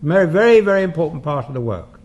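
An older man, a paranormal investigator, giving a lecture and taking audience questions in an unhurried, anecdotal storytelling manner. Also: fairly high pitch, sing-song, darkish tone, lo-fi sound, slight background noise. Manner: anecdotal, unhurried storyteller who acts out quoted dialogue.

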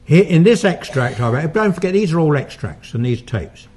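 Give me a husky-voiced male investigator telling his story in a measured, explanatory way. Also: a little high, big pitch swings, darkish tone. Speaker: paranormal investigator. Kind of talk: recounting an investigation.

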